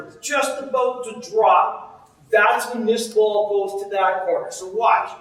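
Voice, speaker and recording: High-voiced goalie coach in echoey space. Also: male voice, a little slow. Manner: energetic, repetitive cueing. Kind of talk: coaching a group drill. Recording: very echoey, distant mic.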